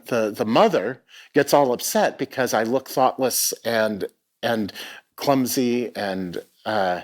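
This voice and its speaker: A middle-aged man giving a personal storytelling talk on a theatre stage, reflective and given to hesitant restarts. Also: medium pitch. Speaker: keynote speaker. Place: theatre stage before a live audience.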